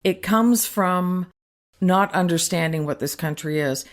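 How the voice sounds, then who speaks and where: A woman from Canada co-hosting a casual podcast chat from home, speaking in a thoughtful, measured way. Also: fairly low pitch. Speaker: podcast co-host. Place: home living room.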